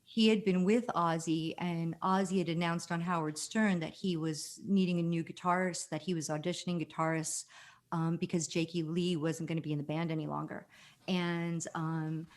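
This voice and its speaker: A woman in her fifties from New Jersey, a podcast guest telling a long story in an animated, chatty way with many fillers. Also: on the low side, normal speed. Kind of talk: casual storytelling.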